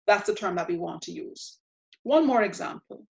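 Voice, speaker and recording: A woman's voice: medium pitch, animated, vocal fry, a little mellow. Patient woman teaching, dull lo-fi sound. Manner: patient, methodical, repeats words slowly. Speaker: Spanish teacher. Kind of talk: spoken grammar lesson.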